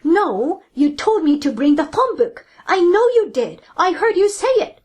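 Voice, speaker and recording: A woman's voice: extremely high pitch, very animated, unhurried, a little mellow, exaggerated voice. A woman voicing an office worker who insists on what she heard. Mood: defensive. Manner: defensive, insistent. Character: defensive office worker shouting back.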